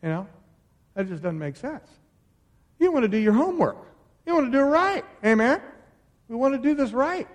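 High-voiced preaching pastor, loud then soft. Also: male voice, very animated, moderate pace, pauses often. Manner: swings from loud exhortation to soft, intimate asides. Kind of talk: sermon.

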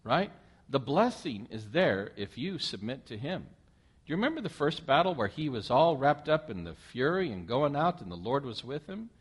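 A man with a mid-range, breathy voice reads a scripture passage aloud at normal speed during his sermon. He animatedly breaks off to comment on it and to ask his listeners questions.

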